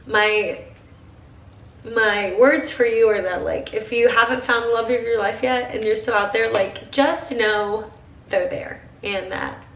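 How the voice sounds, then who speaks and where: A woman's voice: fairly high pitch, reverberant, distant mic, highs cut off, slight background noise. A young woman in her twenties chatting while getting ready, gushing and saying "like" constantly, teary at times. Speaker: vlogger. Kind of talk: get-ready-with-me chat.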